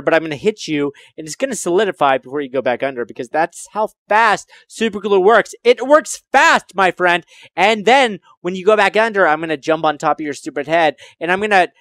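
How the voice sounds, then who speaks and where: A man in a playful debate, boasting and taunting his opponent in an animated way. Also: a little high, no room sound. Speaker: debate contestant. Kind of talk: playful trash-talk debate.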